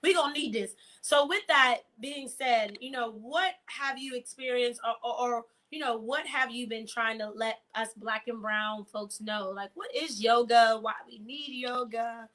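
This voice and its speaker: A woman hosting a casual video call chat, telling stories in a lively way with slang and frequent laughter. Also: on the high side, unhurried, few pauses. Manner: lively storyteller, laughs often, uses slang. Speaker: host.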